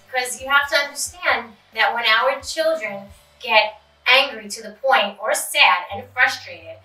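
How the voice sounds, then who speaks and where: Woman host, bright high voice, calm explanatory parenting advice, roomy echo, a bit off-mic, faint music. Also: distant mic. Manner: calm, explanatory, acts out example dialogue. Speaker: podcast host and behavior specialist.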